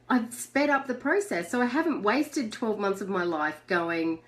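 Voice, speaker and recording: A middle-aged woman talks to her viewers in a live video chat. Her voice sits in an ordinary middle pitch. She is chatty and laughs often, speaking into a webcam. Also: lively intonation, a little slow. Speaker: host.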